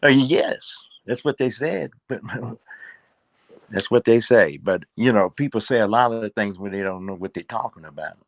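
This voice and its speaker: A man's voice: on the low side, moderate pace, no echo. An older man, a guest in a casual interview, rambling and repeating words with plenty of fillers.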